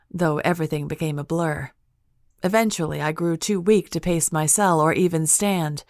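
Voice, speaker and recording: A woman narrating a fantasy audiobook in the first person with a steady, measured reading. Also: low-pitched, no echo, studio quality.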